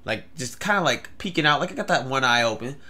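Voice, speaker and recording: A man's voice: medium pitch, lively intonation, fast talker, bright, forceful tone. A young man telling a story in a rambling vlog, with many fillers and stammered restarts. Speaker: vlogger.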